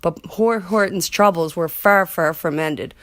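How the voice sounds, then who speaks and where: A woman's voice: lowish voice, measured pace, a bit bright, dry recording. A woman reading a rhyming children's picture book aloud as a storyteller, in a rhythmic way.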